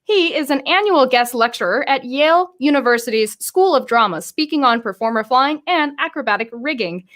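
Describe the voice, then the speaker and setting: A woman hosting a live-streamed career interview, bubbly and excitable, often stumbling over her words. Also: high-pitched, brisk. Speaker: host.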